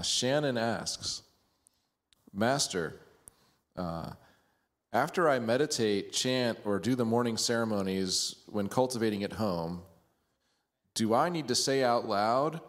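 Man, moderator, low voice, hesitant, polite, reading aloud. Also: lively intonation, measured pace, pauses often. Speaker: moderator reading viewer questions.

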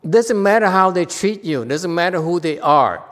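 A man's voice: high voice, animated, moderate pace, a bit bright. A man giving a dharma talk as a Chan master, stern yet teasing, laughing at his own jokes. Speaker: Chan master teaching students. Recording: long reverb of a hall.

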